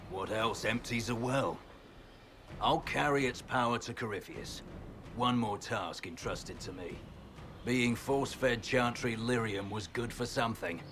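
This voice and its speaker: A man voicing a gruff renegade general in a fantasy game, taunting and scornful, with a boastful edge. His voice sits at a middle pitch over a faint background hiss. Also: measured pace, lightly acted.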